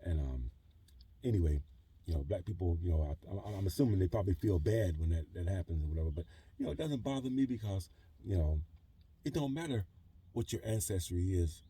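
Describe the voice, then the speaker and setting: Low, dark-voiced man rambling casually. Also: expressive, a little fast, breathy edge. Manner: rambling, heavy on fillers like "you know" and "whatever". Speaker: vlogger living in a truck camper. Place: truck camper in a trailer park.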